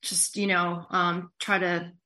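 A woman interview guest with a voice that sits a touch low for a woman. She speaks haltingly and hesitantly, restarting her sentences and filling the gaps with "you know". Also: flat delivery, bright, forceful tone. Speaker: guest journalist. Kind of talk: livestream interview.

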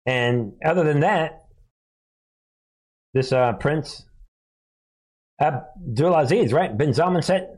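A man's voice: fairly high pitch, a little mellow. Sarcastic man hosting political commentary. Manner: sarcastic, laughs often, mocking put-on voices.

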